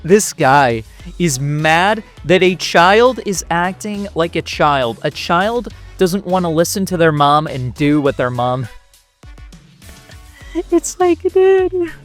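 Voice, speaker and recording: A man's voice: a little high, animated, takes it slowly, fairly bright tone, soft background music. A man giving a profane, mocking reaction commentary, laughing between insults. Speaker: commentary youtuber.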